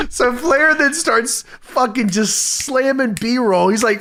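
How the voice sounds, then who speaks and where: A man's voice: very high-pitched, expressive, slow pace, vocal fry, heavy background noise. A man co-hosting a casual podcast, retelling events with profanity and frequent laughter. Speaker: podcast co-host.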